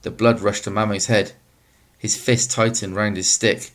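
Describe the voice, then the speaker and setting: A man reading a novel aloud as narrator, in a steady, measured way. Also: fairly low pitch. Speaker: audiobook narrator.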